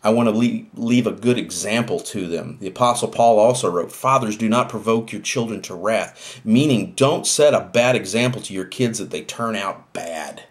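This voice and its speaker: An older man with a very deep, low voice speaks earnestly and reflectively about family. His delivery is heartfelt and sincere, like an inspirational talk show host. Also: moderate pace, few pauses.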